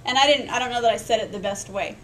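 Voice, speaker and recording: A woman's voice: on the high side, fast talker, a bit bright, a little hiss or hum, poor audio. A woman teaching a recorded lecture on literacy, explaining step by step, sounding out speech sounds aloud and checking in with her listeners. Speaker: literacy education instructor.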